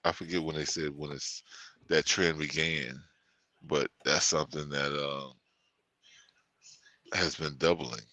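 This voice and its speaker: A male co-host in casual chat, halting and often losing his train of thought. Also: a bass voice, steady tone, pushed and bright, no echo.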